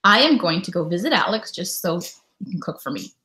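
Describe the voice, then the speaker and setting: A woman's voice: fairly low pitch, lively intonation, fairly quick, bright, forceful tone. A Canadian woman in her thirties hosting a casual live stream from home, greeting viewers and chatting about her day. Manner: chatty, reads viewer comments aloud and greets them. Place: home in winter.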